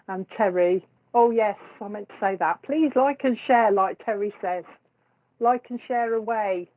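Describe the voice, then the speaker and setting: A woman's voice: mid-range voice, measured pace. A woman, a psychic medium hosting a live stream, chatting casually with viewers and laughing often between remarks. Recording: tinny phone-like sound.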